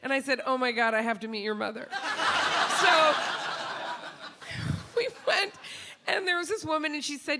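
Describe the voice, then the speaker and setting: A woman telling a funny personal story on stage to an audience. She talks in an animated way, laughs often, and acts out the people she quotes. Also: high-pitched, normal speed, pauses often, background noise. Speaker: comedian and show host. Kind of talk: live comic storytelling to an audience.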